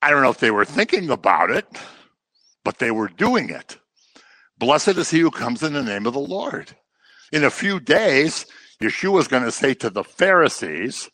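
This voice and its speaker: Man teaching scripture, bright dry voice. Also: mid-range voice, sing-song, normal speed, dry recording. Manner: conversational, explains and asides with humor. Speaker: Bible teacher. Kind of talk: verse-by-verse Bible teaching.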